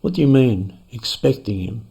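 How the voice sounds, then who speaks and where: A man's voice: mid-range voice, expressive, moderate pace, gravelly, warm tone, slightly rough, full character voice. A man reading aloud, voicing a sour, puzzled male surveyor who grumbles with suspicion.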